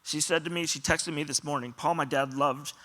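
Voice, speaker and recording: A man's voice: a little high, steady tone, brisk, bright, forceful tone. A man pastor giving a sermon, telling stories earnestly and often quoting other people. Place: church auditorium.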